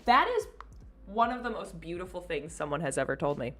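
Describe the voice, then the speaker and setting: A woman's voice: on the low side, big pitch swings, a little fast, sharp tone. A young woman chatting casually and giggling with her viewers on a live stream.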